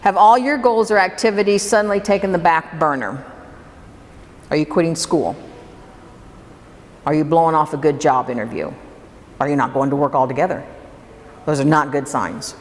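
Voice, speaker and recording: A woman with a low-sitting voice speaks at normal speed but leaves long pauses as she runs a workshop for a live audience. Her tone is conversational and she asks the room questions; the hall echoes, with faint room noise.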